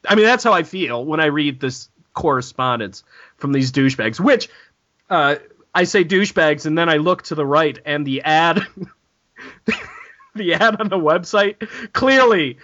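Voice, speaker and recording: Sarcastic podcast host, male, animated delivery, dull lo-fi recording. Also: fairly high pitch, unhurried. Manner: sarcastic, profane, reads quotes in mock-preacher voice. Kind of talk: casual comedic podcast chat.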